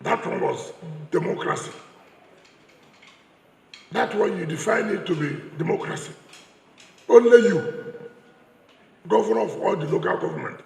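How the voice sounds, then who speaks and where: A man's voice: high-pitched, normal speed, vocal fry, long pauses. Combative Nigerian man in an echoey hall. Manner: mocking, repeating phrases for emphasis. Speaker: politician giving a speech. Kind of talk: combative political speech.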